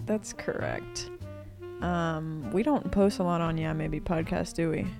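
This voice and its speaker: A woman's voice: fairly low pitch, sing-song, a little slow, music in the background. A woman co-hosting a casual podcast chat, dry and teasing in manner. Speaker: podcast co-host.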